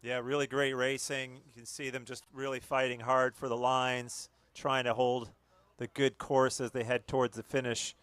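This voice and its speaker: A man from Canada with a Canadian accent, a commentator giving live rowing race commentary in a relaxed way, often repeating words as he follows the boats. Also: mid-range voice, normal speed, dry recording.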